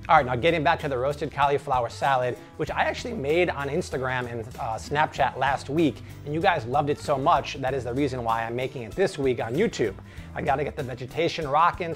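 A man hosting a casual cooking demonstration, upbeat and jokey as he explains each step. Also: medium pitch. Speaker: cooking show host.

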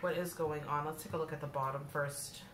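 Woman, tarot reader, somewhat low voice, chatty and direct with viewers; echoey room, card shuffling heard behind. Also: fairly even intonation, brisk. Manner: chatty, addresses viewers directly, breaks into laughter. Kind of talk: casual spoken tarot reading. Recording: echoey room with clear background noise.

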